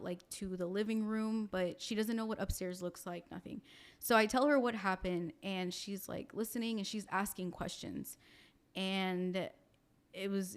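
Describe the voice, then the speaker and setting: A woman telling a personal story in a casual podcast chat, animated, with many fillers, acting out the voices of the people in it. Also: mid-range voice.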